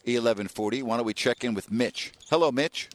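A man's voice: medium pitch, brisk. A man hosting a sports radio talk show, brash and needling as he takes calls and reads out the phone number.

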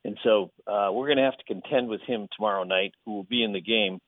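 Low-voiced man on a tinny phone line. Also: quick pace, no room sound. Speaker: guest team owner. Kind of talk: phone interview.

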